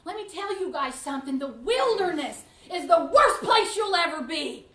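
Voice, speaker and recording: A woman's voice: very high-pitched, animated, moderate pace, pushed and bright, echoey room, distant mic. A woman teaching a Bible class at church, speaking with passion and piling up clauses as she shares her own testimony. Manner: impassioned, piles up clauses with "and"; tells personal testimony with feeling. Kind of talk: Bible class lesson with audience questions.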